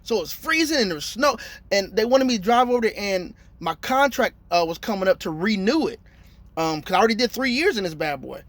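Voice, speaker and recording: A man's voice: sits high, expressive, brisk, a bit bright, no room sound. A man in his thirties, a truck driver telling a story in a casual, slangy vlog and acting out his phone calls.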